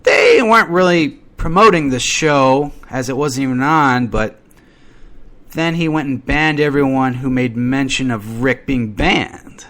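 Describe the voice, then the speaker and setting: A man's voice: mid-range voice, unhurried, fairly bright tone. A man hosting an internet radio show from home, rambling through a casual, irreverent, gossipy monologue with mock-dramatic asides. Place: at home during a thunderstorm.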